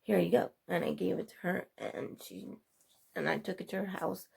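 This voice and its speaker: Husky-voiced woman telling a rambling story. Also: fairly low pitch, fairly even intonation, moderate pace, darkish tone. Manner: rambling, chatty retelling with quoted dialogue. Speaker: vlogger. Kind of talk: casual storytelling vlog.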